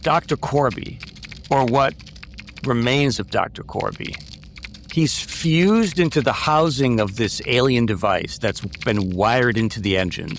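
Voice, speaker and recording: A man's voice: medium pitch, unhurried, a little hiss or hum. A man narrating a tabletop game as its game master, descriptive and given to restarts.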